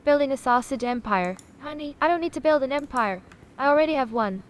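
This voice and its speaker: A woman's voice: sits high, animated, brisk, slight background noise. A woman voicing a haughty AI sausage. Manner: haughty, dramatic, condescending, says honey a lot. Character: sassy self-important female AI chatbot sausage.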